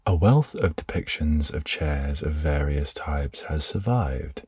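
Very deep, slow, husky man. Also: lively intonation, no room sound, studio quality. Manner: meandering, soft-spoken, trails off. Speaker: podcast host. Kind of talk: sleepy rambling monologue.

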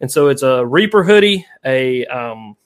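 A man hosts a casual fishing live stream, telling stories in an animated way, rambling and laughing often. His voice is medium in pitch and his pace unhurried.

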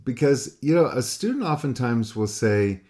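A painting teacher on a call with a student talks casually in a medium-pitched, darkish voice with big pitch swings at a moderate pace. His one-on-one critique rambles and repeats words as he quotes students in other voices.

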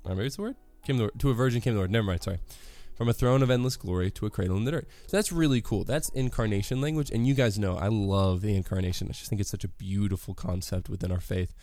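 A man's voice: lowish voice, fast, few pauses, darkish tone, faint music behind. A man giving a casual devotional talk on a worship song, rambling and correcting himself with many fillers.

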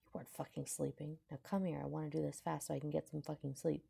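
Woman reader as a curt, gravelly young barbarian prince, low and dark, grumbling. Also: little pitch movement, moderate pace, full character voice. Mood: gruff. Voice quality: deep and raspy. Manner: grumbling, swearing, blunt. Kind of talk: fanfiction audiobook reading.

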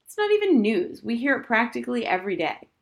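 Stubborn young girl, emphatic and scornful, read by a woman narrator; fairly low voice. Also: moderate pace, lightly acted. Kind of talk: audiobook character voice.

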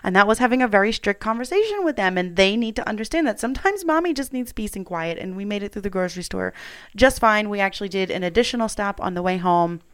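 A woman's voice: mid-range voice, expressive, fast, smooth, no echo. A woman in her thirties, a mother, telling a personal story at home in a candid, chatty way with plenty of fillers.

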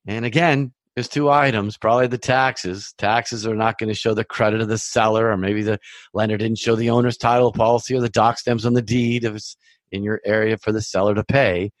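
A man's voice: on the low side, no echo. A man hosting a podcast, giving casual, reassuring advice in a chatty monologue that often repeats itself. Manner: chatty, reassuring, repeats himself, conversational asides. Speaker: mortgage loan officer hosting a podcast.

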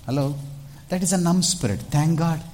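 A man preaching a sermon to a church congregation, animated and calling out to the crowd. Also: fairly high pitch, moderate pace. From India. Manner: animated, calls out "Hello?" to the congregation, dramatic shifts in loudness. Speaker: pastor.

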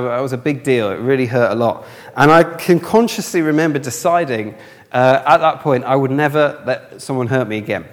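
A man preaching a sermon, telling stories and acting out the people in them with animated delivery. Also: a little high. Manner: animated, acts out characters in his stories. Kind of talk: sermon with storytelling. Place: church hall with live audience. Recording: long hall reverb.

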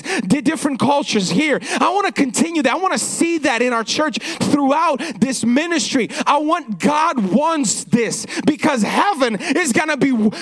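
A man speaking to a church congregation, energetic, repeating words as he introduces the next pastor. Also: extremely high pitch. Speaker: church worship leader. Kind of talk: church service talk.

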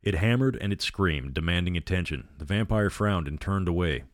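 A man reading a horror novel aloud as a storyteller, with steady, measured narration. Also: sits low, no room sound, clean studio sound.

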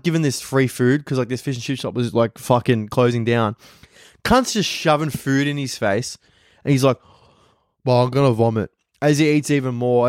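A young Australian man in his twenties talks straight into a close microphone with very little room sound. His pitch sits in the middle range. He rambles through a casual solo podcast, swearing freely and acting out what other people said. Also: dry recording. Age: 20s. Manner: profane, rambling storyteller who acts out others' lines. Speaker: podcast host, comedian.

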